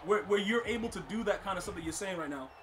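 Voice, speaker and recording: A man streaming a football video game, commenting live and talking to his chat, often exasperated and breaking into loud outbursts. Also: high voice, fast, a little hiss or hum. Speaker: gaming streamer.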